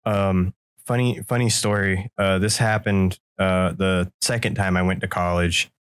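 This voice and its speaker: Lively man telling a story. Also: sits low, a little slow, clear, resonant tone. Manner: animated, acts out voices in his stories. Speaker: podcast co-host. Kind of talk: casual storytelling.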